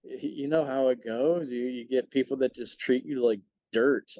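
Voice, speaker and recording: A man chatting as a podcast guest, telling stories animatedly with lots of quick restarts. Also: medium pitch, warm tone, no echo. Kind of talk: casual chat, storytelling. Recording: dull dry sound.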